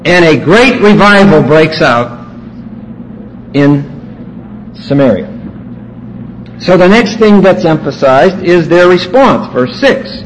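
A man's voice: on the high side, expressive, slow pace, pauses often, a little hiss or hum, rough recording. A man teaching a Bible class, walking his students through their notes and stressing key words emphatically.

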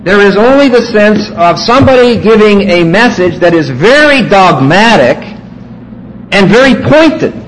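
A man's voice: high-pitched, very animated, unhurried, a little hiss or hum, low-quality recording. A man teaching a Bible class, walking his students through their notes and stressing key words emphatically.

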